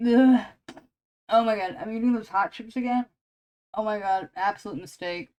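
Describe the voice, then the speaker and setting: A woman's voice: medium pitch, a little fast, dull audio. Chatty woman streaming while drawing. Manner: chatty, self-deprecating, rambling with fillers. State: sniffling. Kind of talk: casual chat while drawing.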